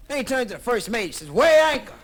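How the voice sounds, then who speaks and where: A man's voice: high-pitched, animated, racing, fairly bright tone. A man doing stand-up comedy, telling a story and switching animatedly between voices, on a crackly vinyl live album.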